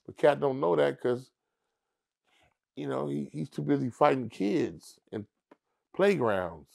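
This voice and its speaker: A middle-aged man spins a long, loose story in an interview, his voice gravelly with a rough fry at the bottom. He sits at an ordinary pitch and keeps slipping into other people's voices as he goes. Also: takes it slowly. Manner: animated storyteller who acts out others in high squeaky voices. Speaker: comedian guest.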